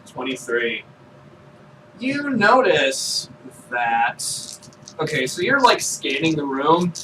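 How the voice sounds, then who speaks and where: A man running a tabletop role-playing game, describing the scene in an unhurried, hesitant way with many fillers. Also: a little high, very animated, pushed and bright. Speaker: game master. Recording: distant mic with faint noise.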